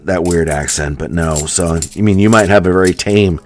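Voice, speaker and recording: Deep-voiced man chatting while sorting coins. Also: moderate pace, slight background noise. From born in Alabama, lived in Washington State. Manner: rambling, relaxed, filler-heavy asides. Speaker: coin roll hunting vlogger. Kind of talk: casual chat while searching coins.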